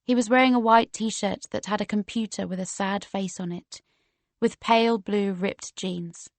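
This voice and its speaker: A woman narrates a first-person novel for an audiobook in a steady, measured, medium-pitched voice. There's no echo.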